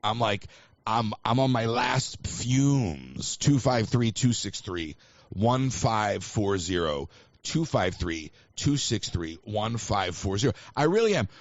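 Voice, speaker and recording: A man's voice: on the low side, big pitch swings, slow, dry recording. Rambling male call-in host, dry and dull. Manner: rambling, self-mocking, chatty. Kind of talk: live call-in chat. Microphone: livestream mic.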